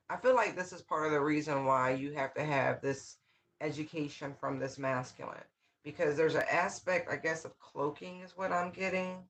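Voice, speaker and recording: A man's voice: fairly high pitch, fairly even intonation, moderate pace, fairly bright tone. A man giving a casual, channeled tarot reading in loose, slangy, rambling talk full of fillers. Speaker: tarot reader.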